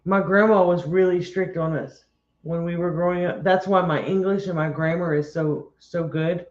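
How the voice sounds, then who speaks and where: A man with a notably high voice chats casually as co-host, joking around and laughing easily. The recording is roomy and slightly muffled. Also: steady tone, moderate pace. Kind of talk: casual chat.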